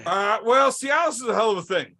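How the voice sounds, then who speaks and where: Man, high bright voice, crude teasing jokes. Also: lively intonation, fairly quick. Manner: crude, teasing one-liners. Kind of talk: crude joking banter.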